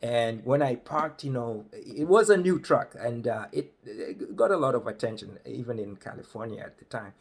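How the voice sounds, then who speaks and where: A man's voice: medium pitch, normal speed, vocal fry, hardly any pauses, husky. A man from Africa with an African English accent, telling a comic story conversationally and acting out the voices of the people in it. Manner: conversational, acts out other voices. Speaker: comedic storyteller. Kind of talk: comedic storytelling.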